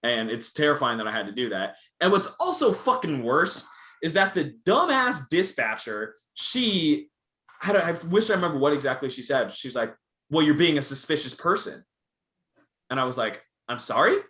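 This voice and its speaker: A man's voice: mid-range voice, sing-song, normal speed, sharp tone, roomy sound. A young man in his twenties, co-hosting a casual talk show, telling stories in a candid, profane way. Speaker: podcast co-host. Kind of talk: casual chat.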